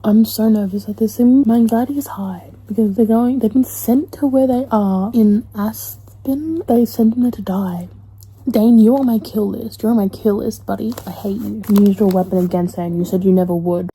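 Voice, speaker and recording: A young woman in a casual reading vlog, chatty and expressive, talking straight to her viewers. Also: mid-range voice, normal speed, soft background music, poor audio. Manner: chatty, expressive, swings into loud distressed reactions. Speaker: book vlogger.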